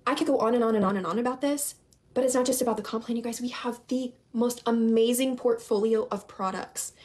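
A young woman recruiter giving an emphatic, repetitive sales pitch to her team, often calling them "you guys". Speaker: network marketing recruiter.

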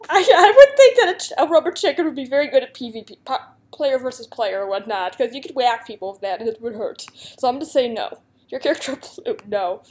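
This young YouTuber talks fast in a slightly high, a little mellow voice as she works through a guessing game. She reads the questions, answers them, and giggles in casual commentary.

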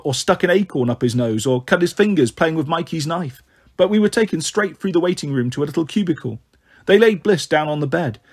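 A man reading a children's novel aloud, lifting his voice for the characters. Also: breathy edge. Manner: voices the characters with lifted pitch. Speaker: narrator. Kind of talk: storybook reading.

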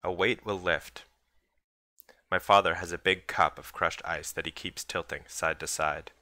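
A man's voice: sits low, fairly even intonation, a little slow, bright, forceful tone, no echo. A man reading a chapter of his own novel aloud, in a dry, understated manner. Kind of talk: book reading.

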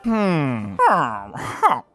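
A man plays through a party game with hyper, running commentary, chanting single words again and again and shouting at the screen. His voice sits on the high side, with a little music playing faintly underneath. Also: wildly swooping pitch, very slow. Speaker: gaming YouTuber. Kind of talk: excited let's-play commentary.

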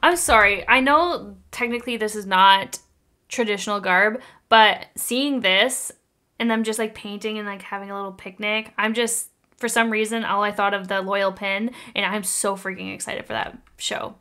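A woman's voice: medium pitch, moderate pace, sharp tone. A woman with a Canadian accent hosting a reaction video, gushing and laughing often as she comments.

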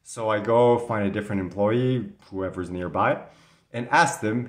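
A man from Canada with a somewhat low voice tells a personal story straight to the camera, chatty and rambling, with a mildly indignant edge. An occasional cough breaks through, and the room around him sounds echoey. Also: normal speed. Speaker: vlogger.

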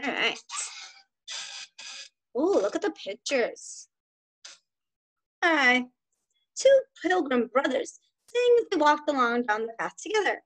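A woman preschool teacher reading a picture book aloud to young children at home, animated and sing-song, often stopping to ask them questions. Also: high-pitched, slow, pauses often.

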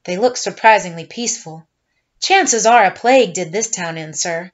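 A woman's voice: fairly low pitch, normal speed, lightly acted. Woman doing a polite lieutenant reporting to his captain, slightly muffled. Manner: reporting, deferential. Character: young army lieutenant, dutiful and polite.

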